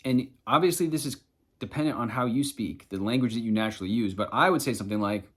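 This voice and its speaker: A man's voice: medium pitch, quick pace, a bit bright. A man coaching viewers on manifestation in a loose, chatty way, swearing casually. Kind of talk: casual self-help explainer.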